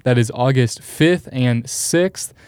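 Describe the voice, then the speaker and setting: A man's voice: medium pitch, slow, darkish tone, clean tone, no room sound, clean studio sound. A man co-hosting a church podcast, giving eager, promotional announcements. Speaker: co-host.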